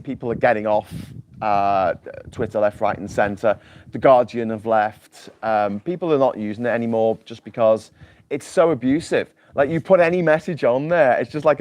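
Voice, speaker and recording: Scouse guy rambling on his livestream, jokey, trips over his words a lot, mid pitch voice. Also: slight background noise. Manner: chatty, jokey, repeats words when starting sentences. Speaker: livestream host. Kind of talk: casual rambling chat. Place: island home without mains power.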